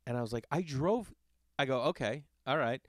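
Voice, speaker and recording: A man who is a father, hosting a podcast and telling a long casual story in an animated, exasperated and profane way. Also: medium pitch, moderate pace, dry recording. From Los Angeles area. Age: adult with children. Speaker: podcast host.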